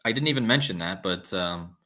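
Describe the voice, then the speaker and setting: Male livestream host, low-pitched, loose and rambling, reads chat. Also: expressive, brisk, sharp tone. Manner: rambling, restarts, reads viewer comments aloud. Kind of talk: casual live-stream talk reading chat.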